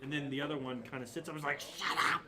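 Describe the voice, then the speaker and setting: A man's voice: mid-range voice, flat delivery, racing, a crowd in the background. A man narrating as dungeon master in casual tabletop play, rambling and hesitant with many fillers.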